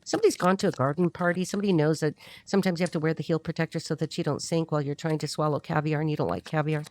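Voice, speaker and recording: A woman's voice: sits low, fairly even intonation, rapid-fire, darkish tone. A woman giving a rambling, blunt, casual tarot reading to her viewers. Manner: rambling, chatty, blunt and irreverent. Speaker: tarot reader.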